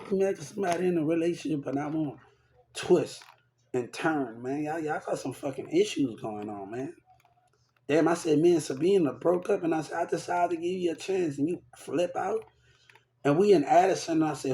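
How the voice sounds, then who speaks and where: A man's voice: fairly high pitch, normal speed, dark tone, slight background noise. A young man talking in a rambling, repetitive and profane way, venting about people in his life in a casual rant to camera. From Texas.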